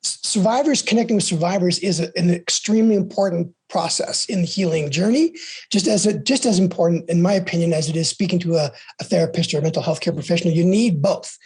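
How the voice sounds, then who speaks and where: A man's voice: high voice, fast, husky. A middle-aged man from the United States, a podcast guest giving earnest, encouraging advice, often repeating words and restarting phrases. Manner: repeats words and restarts, soft trailing ends.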